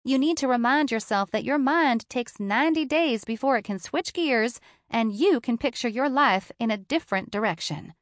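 Upbeat supportive best friend, read by a woman, higher and punchier than the narration, dry close sound. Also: expressive, moderate pace, no room sound, close to an everyday voice. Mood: teasing. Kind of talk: audiobook character voice.

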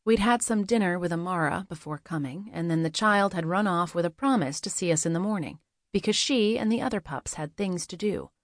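A woman narrates a first-person story in a measured, steady way, reading it aloud as an audiobook. Her voice is on the low side, and the recording is dry and close with no room sound. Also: no echo.

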